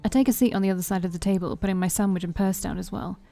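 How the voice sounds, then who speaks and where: A woman's voice: medium pitch, steady tone, racing, creaky, dark tone, faint music behind. A woman reading a story game aloud in first person, playful, with her own asides. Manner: playful, with side comments. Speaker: let's play streamer.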